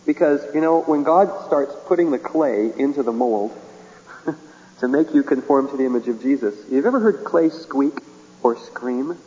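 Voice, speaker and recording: A man's voice: mid-range voice, normal speed, mellow, long reverb tail, lo-fi sound. A man preaching a sermon in a folksy way, chuckling often and acting out little dialogues.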